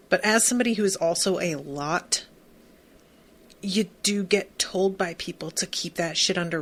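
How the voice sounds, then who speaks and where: A woman hosting a podcast, recapping a TV episode in a casual, gushing, emphatic way with lots of fillers. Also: lowish voice. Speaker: podcast host.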